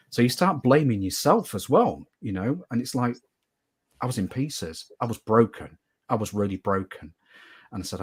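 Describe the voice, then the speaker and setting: A man's voice: medium pitch, animated, moderate pace, breathy edge. A man being interviewed as a guest medium, telling a story earnestly and at length, often repeating phrases for emphasis.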